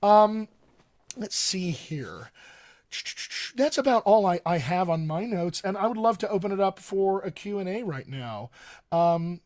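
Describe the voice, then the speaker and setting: A man's voice: sits high, sing-song, unhurried, darkish tone, no room sound, clean studio sound. A man working as a dialect coach, talking casually to viewers in a live stream Q&A, with lots of fillers and restarts. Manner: conversational, many fillers and restarts.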